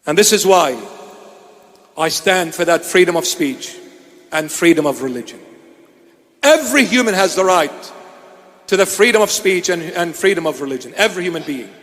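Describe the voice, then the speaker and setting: A man's voice: high voice, animated, normal speed, long pauses, fairly bright tone, long reverb tail. A man from Iraq giving an emphatic sermon, repeating phrases for weight. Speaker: bishop preaching. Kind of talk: sermon address. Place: church.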